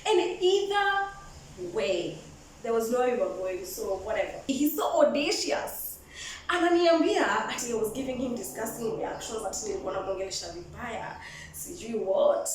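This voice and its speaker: A young Kenyan woman with a Kenyan accent, telling a casual storytime vlog with an animated, sassy, code-switching manner. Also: a little high, normal speed, far from the mic, slight background noise. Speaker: vlogger. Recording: echoey room, voice off-mic, faint ambience.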